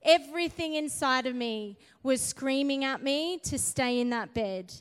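A woman preaching a sermon and telling her testimony, speaking quietly and subdued through the story, then rising to forceful exhortation. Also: sits high, animated, measured pace, few pauses, big-room sound.

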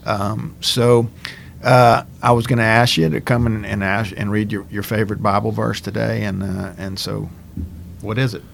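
A man's voice: on the low side, level tone, normal speed, creaky, slight background noise. A man with a Cajun accent from South Louisiana, interviewing a guest in a friendly, conversational way with frequent laughs and restarts.

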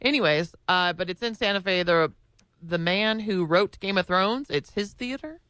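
A man on a radio show as a stand-up comedian guest chats hesitantly, filling gaps with "uh" and "like." His voice is bright and smooth, recorded close and dry. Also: high-pitched, moderate pace, no room sound. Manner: hesitant, with many fillers. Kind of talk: casual chat.

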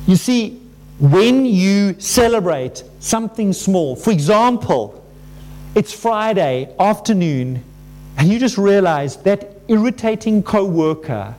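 A male pastor with a high, light voice delivers a sermon in an easy, conversational way. He often breaks off and restarts his sentences. He animates his points by acting out quoted inner voices. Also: darkish tone. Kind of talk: sermon to a congregation.

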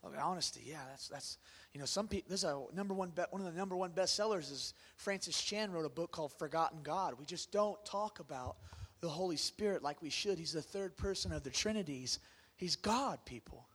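High-voiced preacher, loud then hushed. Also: male voice, a little fast, few pauses, slightly rough. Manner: dramatic swings from loud bursts to hushed near-whispers; conversational, asks the congregation questions. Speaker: pastor. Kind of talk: sermon.

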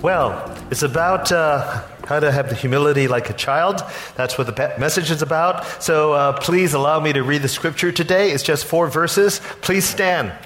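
A man preaches a sermon in a church. His voice sits a little high, and he tells the story in an animated way, slipping into acted-out voices. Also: moderate pace, hardly any pauses, faint music behind. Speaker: senior pastor. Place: church sanctuary.

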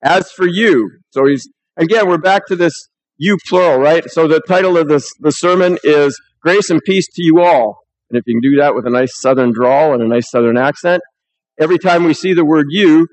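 A man's voice: on the high side, moderate pace, a little hiss or hum, poor audio. Conversational man preaching a sermon. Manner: conversational, reads scripture aloud. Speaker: pastor. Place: church.

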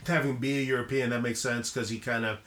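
A man's voice: medium pitch, fairly even intonation, quick pace, crowd noise. Hesitant man talking movies. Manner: hesitant, many ums and restarts. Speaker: podcast co-host. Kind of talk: casual film discussion.

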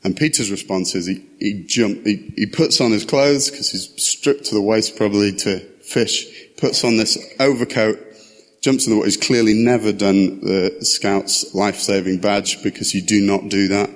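A man's voice: lowish voice, fairly even intonation, moderate pace. A man preaching a casual sermon, reading scripture and then explaining it in a chatty, conversational way with asides. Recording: long hall reverb.

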